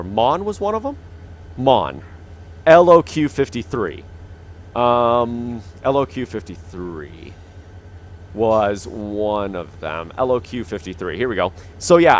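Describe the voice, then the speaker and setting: A man's voice: medium pitch, slight background noise. A young man giving casual, rambling commentary on his own gameplay, with many fillers and restarts, into a studio mic. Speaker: gaming channel host. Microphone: dynamic studio mic.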